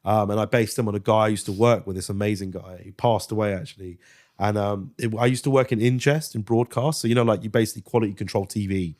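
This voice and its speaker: Animated, storytelling man. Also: fairly low pitch, quick pace. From Britain. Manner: animated storyteller, swears freely, slips into impressions. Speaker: guest actor and comedian. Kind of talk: casual podcast interview.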